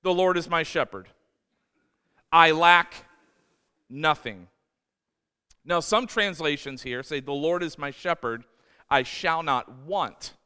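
A man's voice: fairly high pitch, expressive, normal speed, sharp tone, clear, resonant tone, in a large hall. A man preaching a sermon as pastor, emphatic and repeating words, often acting out voices in quotes. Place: church.

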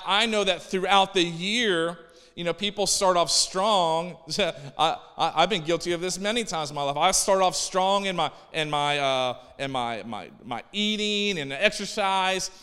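A man's voice: fairly high pitch, bright, forceful tone, clean tone. Preaching man in a reverberant hall. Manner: conversational preaching with stammered restarts. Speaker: pastor. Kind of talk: sermon.

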